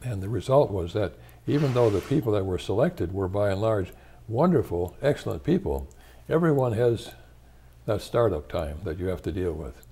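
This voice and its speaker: An older man from the United States speaks low and mellow in an interview. He is measured and reflective, often pausing to gather his thoughts. His deep, relaxed tone carries an unhurried, thoughtful manner. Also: breathy edge. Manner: measured and thoughtful, with frequent pauses and restarts. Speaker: interviewee, retired church leader.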